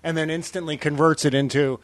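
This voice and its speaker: A male podcast co-host with a slightly high voice chats casually and laughs often. He restarts sentences and fills gaps with "uh". The sound is dry and close, with no room. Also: little pitch movement, brisk, no room sound. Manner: chatty, laughs easily, many restarts and "uh"s. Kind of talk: casual chat.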